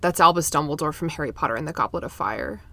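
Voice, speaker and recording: Casting: woman podcast host, lowish voice, casual and profane, laughs easily; dry close mic. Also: vocal fry, fairly bright tone, no room sound. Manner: casual, swearing, quick to laugh.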